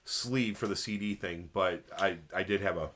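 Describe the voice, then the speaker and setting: A man's voice: deep voice, normal speed, a bit bright, slight background noise. A man chatting casually as co-host of a band's show, rambling with many fillers. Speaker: band member and co-host. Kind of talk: casual chat.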